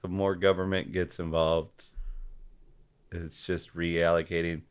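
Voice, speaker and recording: A man as a podcast guest in casual political chat, halting and often restarting his sentences. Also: sits low, level tone, clear, resonant tone. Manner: halting, repeats and restarts, gropes for names.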